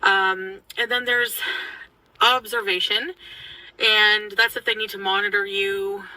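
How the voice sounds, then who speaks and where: A woman's voice: mid-range voice, level tone, slow pace, bright, forceful tone, no room sound, poor audio. A French Canadian woman vlogger telling a long personal story in a rambling way, with many ums and restarts. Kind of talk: storytelling vlog.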